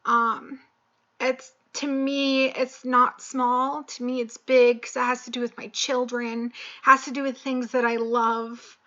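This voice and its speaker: A young woman talking slowly and haltingly in a personal video, choked up and emotional, with many pauses and fillers. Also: fairly high pitch, level tone, sharp tone, lo-fi sound. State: tearful, choked up. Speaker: vlogger. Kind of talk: personal confessional vlog.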